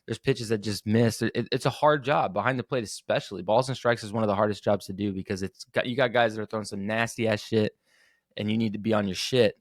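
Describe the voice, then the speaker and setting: A man's voice: on the low side, steady tone, fast, no echo, studio quality. A young man hosting a podcast, ranting casually and profanely with lots of restarts and self-corrections. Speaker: podcast host. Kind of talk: casual rant.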